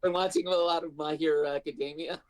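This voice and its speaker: A man's voice: a little high, fairly even intonation, fast. A man who is a member of a book club, chatting in a laid-back, joking way during a live stream. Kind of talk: casual chat.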